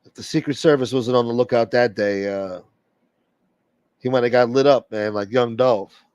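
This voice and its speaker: A man's voice: medium pitch, moderate pace, a little mellow, clear, resonant tone, no room sound, highs cut off. A man hosting a late-night livestream and rambling bluntly through strong opinions in casual chat. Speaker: livestream host.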